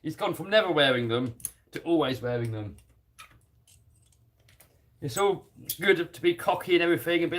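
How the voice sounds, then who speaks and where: A man's voice: on the high side, expressive, normal speed, pauses often, fairly bright tone. A man with a British accent chatting on a live stream while he works on a radio-controlled car, reading out viewer comments and laughing easily. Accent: British English. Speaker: RC hobby YouTuber reading live chat.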